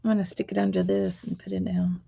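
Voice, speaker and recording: A woman's voice: medium pitch, little pitch movement, fast talker, creaky, warm tone, breathy edge, no echo. A woman co-hosting a craft stream, chatting casually and tossing in dry jokes. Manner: dry joking asides. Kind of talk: casual chat while crafting. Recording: dull lo-fi stream audio.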